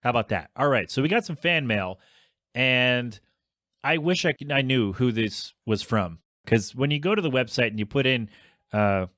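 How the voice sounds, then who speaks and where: A man's voice: medium pitch, expressive, moderate pace, a bit bright, no room sound, studio quality. A man, hosting a solo podcast, rambling and self-deprecating as he rants. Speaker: podcast host.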